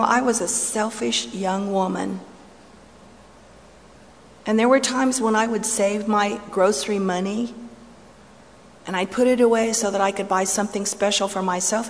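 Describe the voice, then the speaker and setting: A middle-aged woman tells her story in sermon style, playful at times, then hushed and intense. Her voice carries through a large hall with a long, lingering reverb. A faint ambient hum sits underneath. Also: mid-range voice. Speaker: speaker giving a testimony. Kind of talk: sermon-style personal testimony.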